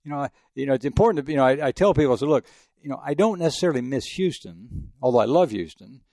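A man's voice: medium pitch, expressive, mellow, no room sound, clean studio sound. An older man from Texas, a longtime sports journalist, telling rambling anecdotes in an interview. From El Paso, Texas. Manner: fast, rambling anecdotes with many restarts. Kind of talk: interview storytelling.

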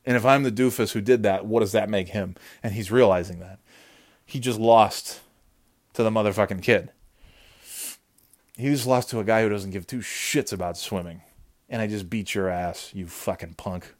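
A man telling a comic story in a lively, mocking manner, swearing often. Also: fairly low pitch, moderate pace. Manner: animated, swears a lot, mocking. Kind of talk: profane comedic storytelling.

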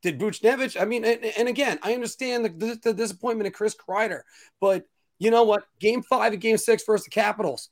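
A man hosting a casual sports talk show, ranting opinions in an animated way. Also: high-pitched, a little fast. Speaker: podcast host.

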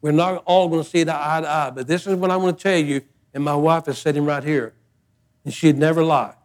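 Older male pastor, high-pitched voice, folksy and emphatic sermon delivery. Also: steady tone, a little fast. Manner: folksy, emphatic preaching with repeated phrases.

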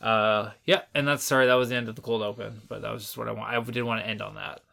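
A man's voice: fairly low pitch, steady tone, fast talker, vocal fry, a crowd in the background. A man co-hosting a podcast, telling a story in casual chat, rambling and correcting himself as he goes, with frequent swearing. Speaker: podcast co-host.

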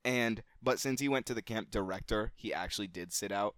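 A man's voice: fairly quick, clean tone, no echo. Casual male podcast storyteller, dry sound. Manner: animated, gets louder and higher at the story's climax; casual, swears freely. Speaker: podcast co-host.

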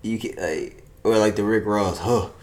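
A man's voice: on the low side, moderate pace. A young man in casual chat, hesitant and laid-back, full of slang and laughter.

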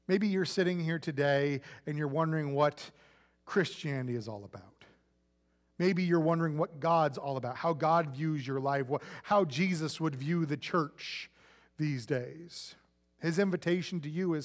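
A man's voice: high-pitched, moderate pace, long reverb tail. A male pastor preaching a sermon in a conversational, playful way, acting out quoted voices.

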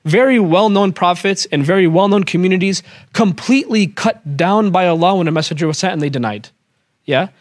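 Animated man telling a religious story. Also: sits high, fairly quick, no echo, clean studio sound. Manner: animated, casual slang, acts out characters' lines. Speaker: Islamic teacher. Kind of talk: lively storytelling lecture to a live audience.

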